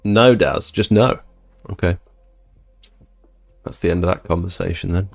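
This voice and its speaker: A young man hosting a live stream, reading chat and chatting in a laid-back, low-energy way. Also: measured pace, vocal fry, no room sound, faint music behind. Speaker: livestream host reading chat.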